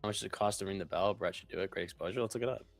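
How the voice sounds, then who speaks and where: A man co-hosting a live trading stream, excitable and slangy, joking with the others. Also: low-pitched, racing, vocal fry, dry recording, studio quality, soft background music. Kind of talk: casual trading chat.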